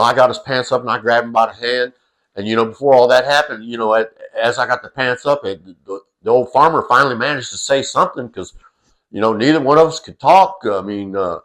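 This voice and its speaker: A man's voice: medium pitch, fairly bright tone, poor audio. A middle-aged man, casually telling a funny personal story as a vlogger, folksy and profane, full of "you know" asides.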